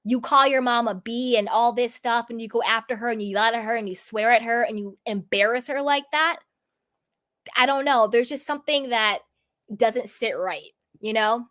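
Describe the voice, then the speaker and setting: A woman's voice: a little high, normal speed, fairly bright tone, no room sound, clean studio sound. A woman giving an opinionated recap of a reality show, emphatic and indignant, full of rhetorical questions. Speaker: reality TV commentator.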